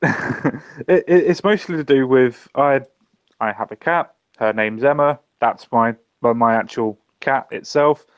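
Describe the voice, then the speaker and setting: Man, relaxed guest, muffled lo-fi sound, dry. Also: medium pitch, measured pace, no echo. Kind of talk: casual chat.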